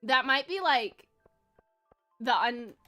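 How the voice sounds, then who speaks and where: A woman's voice: high voice, expressive, slow pace, sharp tone, soft background music. A woman in her twenties chatting casually on a gaming livestream, bubbly and giggly, rambling with lots of fillers. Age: 20s. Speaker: streamer.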